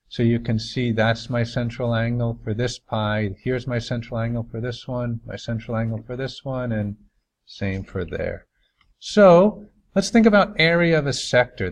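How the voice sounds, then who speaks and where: A man from New York, a math teacher, giving a recorded lesson over slides in an upbeat, chatty way with folksy asides. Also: medium pitch.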